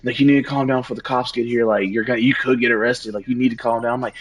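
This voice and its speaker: A young man streaming a game, telling a story in a casual, animated rant full of slang and cursing. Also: mid-range voice, very fast, few pauses, rough recording. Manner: animated, profane, slangy ranting. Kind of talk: casual storytelling while gaming.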